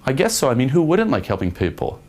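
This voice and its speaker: Quick role-play bit: a friendly young nurse making small talk, put on by a man. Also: mid-range voice, huge pitch swings, darkish tone, pitched above the performer's own voice. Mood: breezy.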